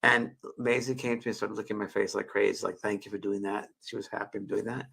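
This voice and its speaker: A man's voice: on the low side, level tone, quick pace, creaky, fairly bright tone, breathy edge. A man in his sixties, hosting a show and telling a heartfelt personal story in a rambling, emotional way with many restarts, speaking into a webcam. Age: 60s. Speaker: show host.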